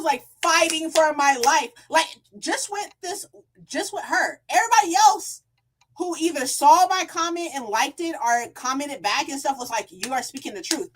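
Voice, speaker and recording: A woman book vlogger ranting in a casual storytime, reading out comments and answering them with sarcasm, heavy swearing and frequent laughter. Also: high-pitched. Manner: heated, sarcastic, swears a lot, laughs often; reads out comments in a flat voice.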